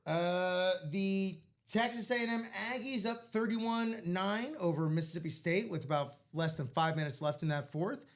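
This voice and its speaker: A man co-hosting a live sports card break, running through scores in animated, casual banter. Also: sits high, moderate pace, hardly any pauses.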